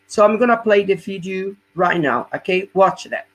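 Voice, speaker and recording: A man's voice: sits high, normal speed, fairly bright tone. A man teaching core exercises in a live webinar as a fitness coach, explaining step by step in non-native English and often checking in with "yeah?".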